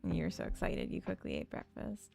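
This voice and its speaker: A woman's voice: a little mellow, faint music behind. A woman streamer chatting casually with her viewers while she works on her game code. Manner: unhurried, chats with viewers and reads their comments.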